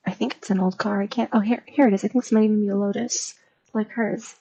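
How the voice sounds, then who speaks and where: A woman's voice: mid-range voice, fairly even intonation, quick pace, creaky, dark tone, highs cut off. A woman streamer chatting in a casual, rambling, gossipy way and spilling a story, recorded on a desk microphone. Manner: rambling, gossipy, lots of fillers.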